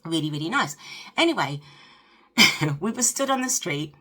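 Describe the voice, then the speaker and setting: A woman's voice: lowish voice, sing-song, normal speed, pushed and bright. A woman in her late fifties giving frank, chatty dating advice to camera, checking in with the viewer with tag questions. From United Kingdom. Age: 50s. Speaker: lifestyle vlogger.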